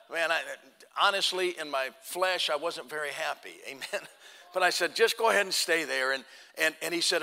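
Animated preacher telling a story. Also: male voice, a little high, gravelly. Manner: folksy, animated storyteller acting out both sides of the talk. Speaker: pastor. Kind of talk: sermon storytelling. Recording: long hall reverb.

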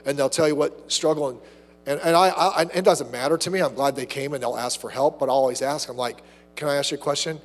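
A man preaching a sermon as pastor, animated, acting out little asides and quotes. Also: medium pitch, quick pace, in a large hall.

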